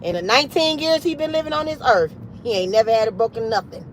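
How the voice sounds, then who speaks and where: A high-voiced woman in her late thirties tells a livestream story with animated, profane emphasis. She hammers her points home and keeps piling on the cussing. Faint background noise sits under her voice. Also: fast, rough recording. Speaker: livestream host.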